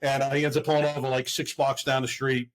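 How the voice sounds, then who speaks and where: A middle-aged man with a voice of ordinary pitch, talking casually as a podcast guest. He is a longtime police officer who tells his stories with energy and jumps into the voices of the people he is quoting. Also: fast talker. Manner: animated storyteller who acts out quoted voices. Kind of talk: casual storytelling.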